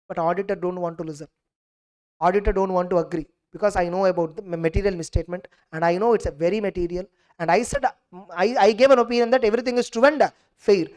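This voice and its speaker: Speaking fast in a lowish voice, a young woman teacher runs an energetic exam revision session. She plays both parties in every case and keeps asking the class "clear?"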